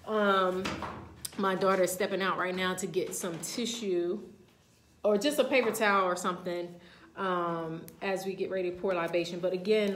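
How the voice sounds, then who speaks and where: A woman leads a spiritual reading live to her camera, talking to her viewers in an informal, chatty way. Her voice sits at an ordinary middle pitch. It rings around an echoey indoor room over a faint background hiss. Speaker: spiritual reader. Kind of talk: live-streamed spiritual talk and ritual.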